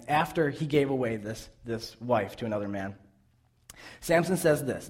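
A young man preaching a sermon, retelling a Bible story with lively asides and acted-out dialogue. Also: medium pitch. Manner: animated storytelling, acting out the characters' lines.

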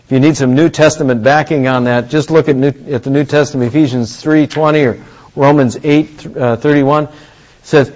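A man's voice: fairly high pitch, normal speed, darkish tone, highs cut off. A man preaching a conversational sermon, asking the congregation questions and acting out the voices in a story. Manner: acts out voices of Moses and God. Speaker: pastor.

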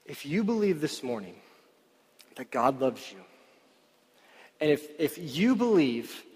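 A man preaching a sermon, telling stories in a chatty, animated way full of "like" fillers, in a church hall. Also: fairly high pitch, slow pace, breathy edge. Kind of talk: sermon storytelling. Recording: reverberant hall.

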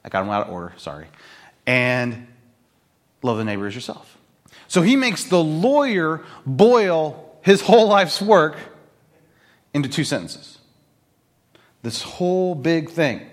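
Middle-aged male pastor, slightly high voice, relaxed storytelling sermon delivery. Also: measured pace, long pauses. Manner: conversational, storytelling, acts out quoted voices.

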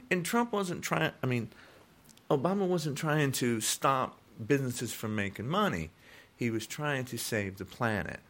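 On his political rant podcast, a host in his sixties gets heated and keeps repeating himself, his pitch leaping when indignation takes over. His voice is low, with a fairly bright tone.

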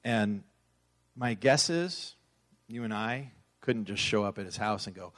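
A pastor preaching a sermon to his congregation, joking and swelling loud for emphasis. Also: lowish voice, unhurried.

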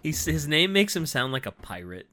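A man co-hosting a casual podcast, reacting excitably with exclamations and laughs. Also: on the high side, moderate pace. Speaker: podcast co-host.

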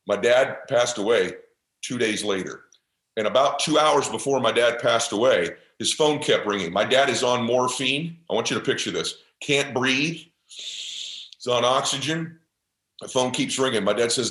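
A man's voice: mid-range voice, normal speed, a bit bright. Podcast guest, man, intense heartfelt motivational storyteller, some room echo. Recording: roomy echo.

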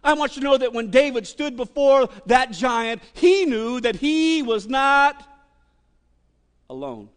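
High-voiced pastor preaching hard, big reverb from the hall. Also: male voice, lively intonation, measured pace, clear, resonant tone. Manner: impassioned, emphatic, wide swings in loudness. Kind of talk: sermon.

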